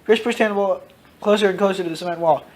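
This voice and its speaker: A man casually reading out his own story, dropping into loud voices for its characters. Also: sits high, steady tone, quick pace. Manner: switches into loud shouted character lines, swears freely.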